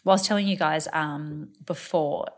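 An Australian woman in her thirties chats on a casual podcast in a low voice, at normal speed with fairly even intonation. She speaks emphatically, building her points into repetitive lists.

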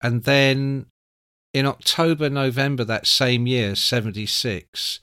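A man, telling anecdotes as a guest, animated and swearing freely. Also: mid-range voice, slow, clean tone, no room sound, studio quality. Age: 60s. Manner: animated, acts out quoted voices, swears freely. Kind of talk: casual storytelling.

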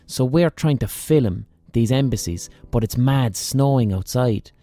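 A man's voice: medium pitch, lively intonation, measured pace, mellow. An Irish man hosting a podcast, telling a rambling, profane, self-mocking story in a casual monologue. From Ireland. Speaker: podcast host.

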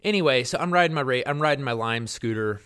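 A man's voice: mid-range voice, lively intonation, quick pace, fairly bright tone, smooth. A young man co-hosting a podcast, telling a story in a laid-back, slangy way. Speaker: podcast co-host. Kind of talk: casual chat storytelling. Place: Los Angeles.

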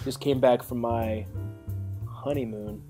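A man doing a mock-seductive impression of his co-host, speaking low, breathy and smug as a newlywed husband. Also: steady tone, takes it slowly, warm tone, soft background music, lightly acted. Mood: mock sultry.

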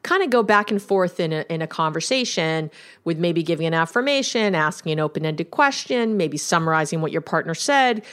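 A woman's voice: on the low side, a bit bright. A woman therapist hosting a podcast, explaining relationship tools in a casual, conversational way and acting out sample exchanges. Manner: conversational, acts out quoted exchanges, laughs now and then. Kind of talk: instructional podcast monologue.

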